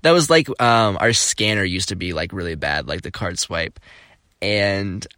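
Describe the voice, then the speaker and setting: A young man from Florida hosting a podcast, telling casual stories in an animated, jokey, exclamatory way. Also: low voice, measured pace, clear, resonant tone, no room sound, studio quality. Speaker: podcast host. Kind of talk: casual storytelling.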